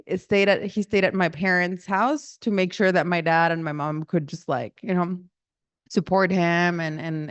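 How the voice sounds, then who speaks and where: A young Guatemalan woman with a lowish, clean-toned voice tells a family story casually, rambling and often correcting herself mid-sentence while acting out the voices she quotes. There's no echo, but the audio is dull and lo-fi.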